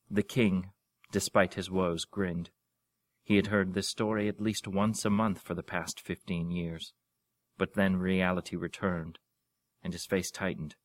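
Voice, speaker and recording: A man reading a fantasy story aloud in a measured, expressive way. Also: low-pitched, no room sound. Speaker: narrator.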